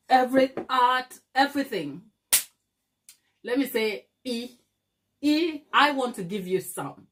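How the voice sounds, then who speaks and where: A woman's voice: high-pitched, animated, slow, long pauses, a bit bright, slight background noise. A middle-aged woman from Africa, hosting a baking channel, who chats casually with viewers, laughs often and calls them darling. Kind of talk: casual livestream chat with viewers.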